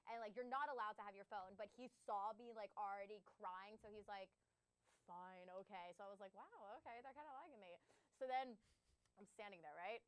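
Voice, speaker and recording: A woman's voice: mid-range voice, a little fast, clean tone, no room sound. A woman in her twenties telling an emotional story in casual chat, full of fillers and close to tears. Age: 20s. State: tearful, overcome with emotion. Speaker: podcast co-host.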